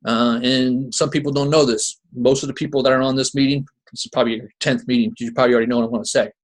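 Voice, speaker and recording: A man's voice: medium pitch, fairly even intonation, fast talker. A man from New Jersey with a Jersey accent, hosting a call in a folksy, rambling way full of restarts and asides. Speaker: host of a crypto marketing call. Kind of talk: casual rambling pitch.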